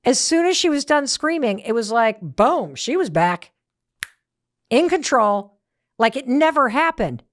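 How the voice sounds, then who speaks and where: A woman's voice: high-pitched, very animated, unhurried, dry recording, studio quality. A woman hosting a motivational talk, telling a story in an emphatic, conversational way. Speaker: host.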